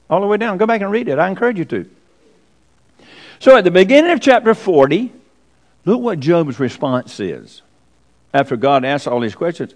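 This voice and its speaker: Male preacher, sermon, high lively voice, rhetorical and emphatic. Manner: animated, rhetorical questions, emphatic repetition.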